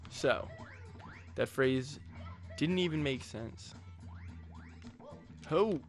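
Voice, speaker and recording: A man's voice: medium pitch, very slow, faint music behind. A man giving casual, jokey gameplay commentary as a let's play host, rambling with crude asides.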